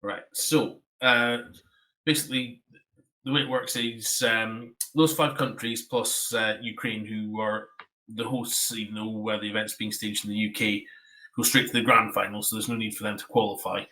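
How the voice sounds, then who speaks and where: A man's voice: lowish voice, level tone, normal speed, bright, forceful tone, poor audio. A Scottish man hosting a casual music podcast, talking with many hesitant ums and uhs. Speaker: podcast host. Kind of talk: casual chat.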